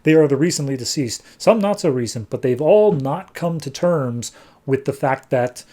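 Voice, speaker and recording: A man's voice: mid-range voice, animated, moderate pace, warm tone, close to an everyday voice. Male reviewer as servile angel, eager, stumbling over words.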